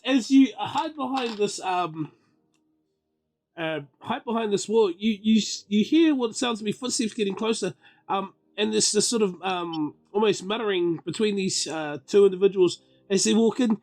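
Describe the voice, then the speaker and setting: A man's voice: sits high, normal speed, a little mellow. A man narrating as game master of a tabletop game, rambling and filling gaps with ums. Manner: rambling, many ums, laughs easily.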